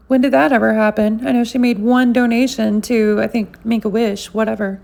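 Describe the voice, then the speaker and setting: Gravelly-voiced woman commentating. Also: on the high side, fairly even intonation, normal speed, few pauses, darkish tone. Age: 40s. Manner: chatty, addresses viewers as y'all. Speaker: commentary host. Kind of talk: casual commentary.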